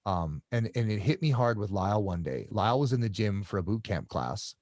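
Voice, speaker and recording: A middle-aged man telling stories in a casual interview, halting and often repeating his words as he restarts sentences. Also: lowish voice, animated, a little mellow, no room sound, studio quality. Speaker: guest.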